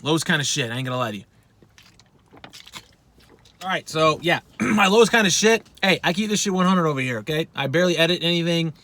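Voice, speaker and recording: A man's voice: a little high, lively intonation, brisk, pauses often, bright, forceful tone. A man giving a casual vocal lesson, talking bluntly with plenty of swearing and poking fun at himself. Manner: blunt, profane, self-deprecating. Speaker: vocal instructor.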